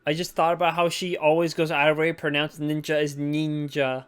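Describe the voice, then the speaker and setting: A man co-hosting a movie review podcast, chatting casually and joking, with a smooth voice. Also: on the high side, little pitch movement. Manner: jokey, quick riffs with mock voices. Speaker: podcast co-host.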